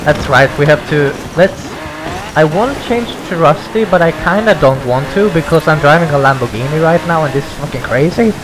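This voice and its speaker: A young man, giving excitable let's play commentary, exclaiming, swearing and rambling. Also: fairly high pitch, brisk, noisy background. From Sweden. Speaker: gaming YouTuber. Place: home gaming setup, no face cam. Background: racing game music and engine sounds.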